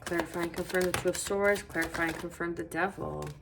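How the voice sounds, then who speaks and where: Low-pitched female tarot reader, meandering and reassuring, faint hiss under the voice. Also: steady tone, quick pace, vocal fry. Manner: meandering, reassuring, thinks aloud. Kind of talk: casual tarot reading.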